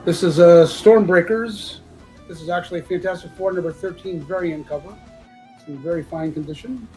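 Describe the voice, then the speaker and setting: At a normal speed, a man with a fairly high, warm voice auctions comic books live, announcing prices in relaxed, joking patter. His sinus infection makes him sound congested and he clears his throat again and again, and faint guitar plays behind him. The recording is low quality.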